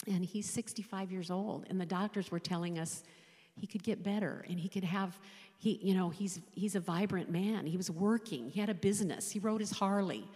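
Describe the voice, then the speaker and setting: A woman in her sixties, a chaplain, giving an emotional personal faith testimony, speaking haltingly and often dropping to a whisper. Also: on the low side, a little mellow. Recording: long hall reverb.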